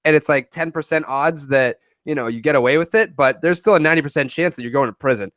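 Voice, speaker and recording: Halting man in dry, close recording. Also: on the high side, fairly bright tone, no echo. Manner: halting, restarts often, laughs while joking. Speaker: podcast co-host. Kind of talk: casual chat.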